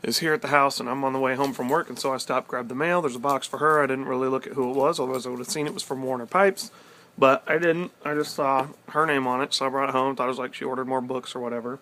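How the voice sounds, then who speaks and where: A young man vlogging outdoors in the cold, telling a story in a loose, excitable, rambling way with casual swearing. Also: mid-range voice, fast talker, slight background noise. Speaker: pipe-smoking vlogger. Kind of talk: casual vlog chat.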